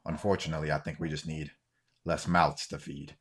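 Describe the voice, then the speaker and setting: A man voicing a gruff, scheming older caravan guard in a tabletop game, grumbling low. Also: little pitch movement, a little fast. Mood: menacing.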